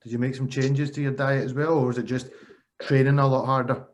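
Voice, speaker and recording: A man with a mid-pitched voice hosts a casual interview. He asks questions in a friendly, conversational way. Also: little pitch movement, brisk, slight background noise.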